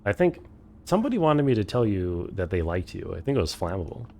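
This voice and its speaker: A man's voice: deep voice, sing-song, quick pace, creaky, dark tone, a little hiss or hum. A man streaming a game for the first time, thinking aloud, swearing freely and chatting with his viewers. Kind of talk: casual live-stream commentary.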